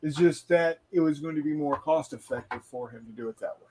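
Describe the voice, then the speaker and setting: A man co-hosts a casual hobby chat, stopping and restarting as he teases his friend dryly. His voice sits a little high for a man. He talks as if on a call from home. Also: a crowd in the background. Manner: halting, restarts often, dry teasing. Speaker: co-host.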